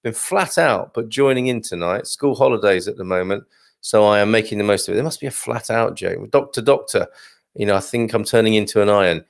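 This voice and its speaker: A middle-aged man with a gravelly, fry-touched voice hosts a casual live morning show. He reads out viewer comments in a chatty, joking way and chuckles as he goes. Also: lowish voice, brisk. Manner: chatty and jokey, tells corny dad jokes, chuckles often. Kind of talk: casual live-stream chat.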